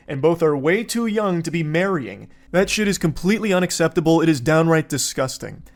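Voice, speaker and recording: A man in a recorded video, explaining events in an indignant, sometimes sarcastic commentary style. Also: on the high side.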